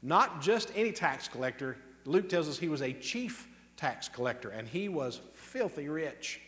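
A man preaching a sermon emphatically, drawing out key words slowly and tossing off quick asides. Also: a little high, sing-song, a bit bright, in a large hall. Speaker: pastor.

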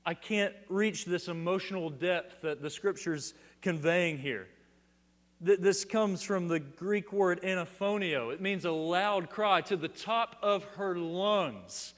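A middle-aged male pastor preaching a sermon with dynamic swings between loud declarations and hushed emphasis, often repeating words as he restarts a phrase. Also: on the high side, a little slow. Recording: long hall reverb.

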